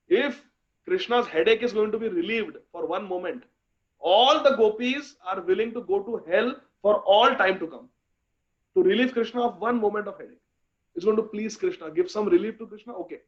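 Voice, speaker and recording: A man giving a devotional scripture lecture, chanting verses slowly and speaking with fervent emphasis. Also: sits high. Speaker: speaker in a scripture class series. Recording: dull lo-fi recording.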